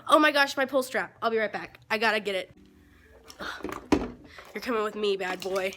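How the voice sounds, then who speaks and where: A woman filming a casual unboxing vlog on her phone, excitedly talking to her pets. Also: mid-range voice, moderate pace, background noise. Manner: excitable, squealing baby talk to her pets. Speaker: vlogger with a service dog. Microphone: phone camera.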